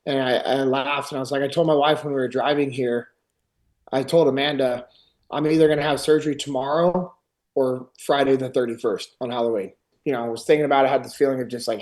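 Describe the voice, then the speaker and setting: Podcast host, middle-aged man, animated casual storyteller, mid-pitched voice. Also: a little fast. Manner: animated retelling, acts out others' lines.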